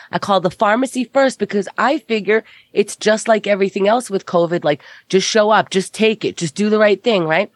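A woman's voice: mid-range voice, a little fast, hardly any pauses, dry recording. A woman co-hosting a casual comedy podcast, telling stories animatedly and acting out both sides of her phone calls. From Israel. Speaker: podcast co-host.

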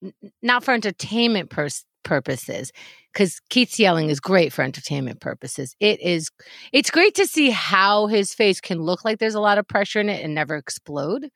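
A woman's voice: medium pitch, big pitch swings, moderate pace, vocal fry, fairly bright tone, no room sound, studio quality. A woman co-hosting a talk show, wry and rambling, stumbling over her words. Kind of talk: casual chat.

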